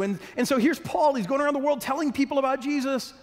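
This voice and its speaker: A high-voiced man preaches in a church hall, his words ringing out with a long echo behind them. He talks to the congregation earnestly, often stumbling into quick restarts and doubling words before pressing on. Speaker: pastor. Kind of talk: sermon.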